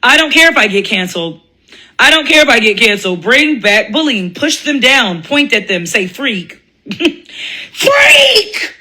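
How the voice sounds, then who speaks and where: A woman's voice: on the high side, animated, normal speed, sharp tone, rough recording. A woman ranting in a blunt, profane commentary monologue, laughing often and mocking other people's voices. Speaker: commentary vlogger.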